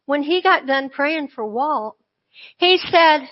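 A woman's voice: high voice, lively intonation, takes it slowly. A woman telling a personal faith testimony in an earnest, conversational way, full of asides. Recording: dull lo-fi recording.

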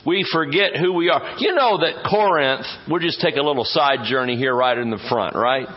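A man's voice: medium pitch, normal speed. A man preaching a sermon as pastor, folksy and joking, stretching words for emphasis. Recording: dull muffled audio.

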